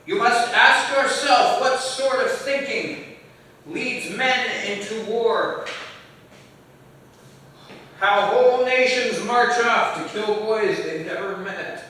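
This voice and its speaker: A man doing a slow-spoken old war veteran. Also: very high voice, bright, forceful tone, very echoey, recorded from a distance, a little hiss or hum, pitched above the performer's own voice, heavily acted, poor audio. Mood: reflective. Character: old male war veteran, reflective and wise.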